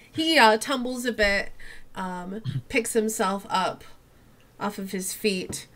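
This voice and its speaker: A woman running a tabletop game as game master, narrating hesitantly with many pauses and ums. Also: mid-range voice, fairly bright tone.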